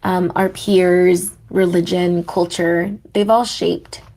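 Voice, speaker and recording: A young woman hosting a podcast, leading a guided meditation and reflective talk in a gentle manner, laughing softly at herself. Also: on the low side, level tone, slow. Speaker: podcast host.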